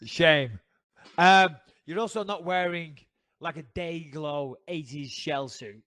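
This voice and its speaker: A man's voice: on the high side, takes it slowly, a bit bright, a little hiss or hum. A middle-aged man with a Northern English accent, co-hosting a casual podcast chat and telling profane, joking stories. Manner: profane, storytelling banter. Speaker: podcast co-host.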